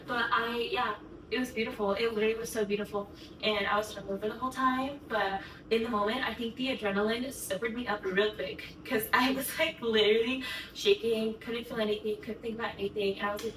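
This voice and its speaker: A woman's voice: medium pitch, fairly even intonation, a little fast. A young woman vlogger telling a story to camera in a gushing, chatty way, full of "like". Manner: gushing, chatty, heavy use of "like". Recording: echoey room, mic at a distance, background noise.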